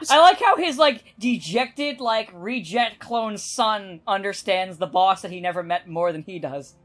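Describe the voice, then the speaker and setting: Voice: medium pitch, animated, a little slow, a bit bright. A commentator with a New Jersey accent, jokey and giggly, swearing a lot while chatting over a game. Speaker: gaming commentator. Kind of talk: casual let's-play chat.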